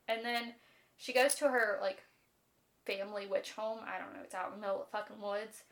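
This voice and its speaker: A woman co-hosting a podcast, casually retelling book plots in an animated, chatty way, full of "like" and casual swearing. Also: mid-range voice, a little fast, vocal fry. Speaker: podcast co-host. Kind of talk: casual chat about books.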